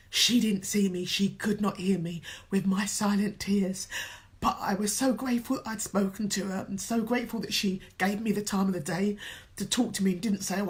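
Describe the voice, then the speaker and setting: A middle-aged woman from England, a motivational coach, speaking earnestly to her viewers and sounding emotional, with a runny nose at times. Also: on the low side. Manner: heartfelt, tearful at times, earnest and encouraging. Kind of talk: emotional direct-to-camera talk.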